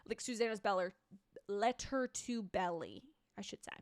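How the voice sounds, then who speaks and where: A young woman hosting a live reaction stream, chatting about a TV show and reading out viewer comments in an excitable, chaotic, gushing way. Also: mid-range voice, moderate pace, no echo, clean studio sound.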